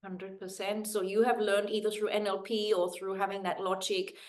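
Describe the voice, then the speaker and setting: A woman guest on an interview, earnestly explaining sleep habits, her phrases often trailing off softly. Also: mid-range voice, little pitch movement, normal speed.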